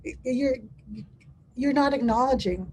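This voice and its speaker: A woman's voice: sits high, measured pace, darkish tone, a little hiss or hum, rough recording. A woman presenting a dementia care training webinar over a video call, often speaking in first person as someone living with dementia, with frequent restarts.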